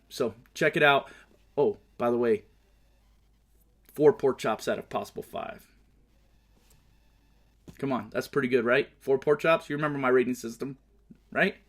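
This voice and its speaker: A man's voice: medium pitch, a bit bright. A man hosting his own show, giving casual sports picks and movie talk, swearing and ranting hotly about his team. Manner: profane, heated ranting. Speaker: show host.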